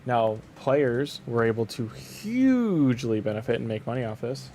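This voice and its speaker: Over slight background noise, a young man with a Canadian accent talks at a moderate pace in a warm, mid-range voice whose pitch swings widely. He's casually chatting on a game stream, rambling, leaning on "like," and restarting sentences frequently.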